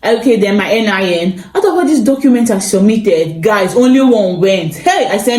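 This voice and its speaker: A young Nigerian woman with a Nigerian accent, telling a personal story in a casual, animated vlog full of exclamations and repeats. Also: medium pitch, moderate pace, echoey room. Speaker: vlogger. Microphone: phone.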